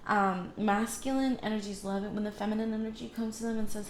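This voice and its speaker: A woman's voice: fairly high pitch, expressive, fast talker, creaky, hardly any pauses, slight background noise. A woman tarot reader talking casually, rambling with many fillers and self-corrections as she gives spiritual advice. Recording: echoey room with faint ambience.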